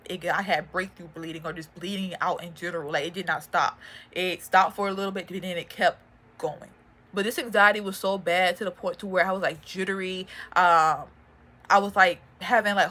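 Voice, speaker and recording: A woman's voice: lowish voice, fairly bright tone. Emotional young woman giving testimony. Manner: earnest, halting, many fillers and restarts. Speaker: faith and motivation vlogger. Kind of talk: personal testimony.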